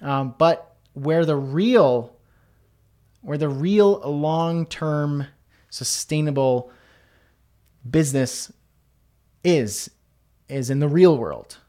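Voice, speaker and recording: A man's voice: on the high side, extremely slow, pauses often, mellow. A man hosting a live online Q&A, reading out viewers' comments and answering in a casual, chatty way with many fillers and restarts. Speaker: host.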